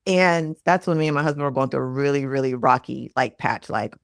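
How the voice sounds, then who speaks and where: A woman's voice: very deep voice, a little fast, gravelly, no echo, clean studio sound. A woman in her thirties, a mindset coach, talking earnestly in a casual podcast chat and acting out quoted lines. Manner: earnest, animated, acts out quotes.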